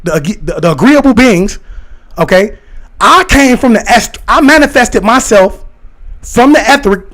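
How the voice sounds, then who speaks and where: High-voiced man rambling excitedly to viewers. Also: normal speed. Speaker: live streamer talking to chat. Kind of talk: casual livestream chat.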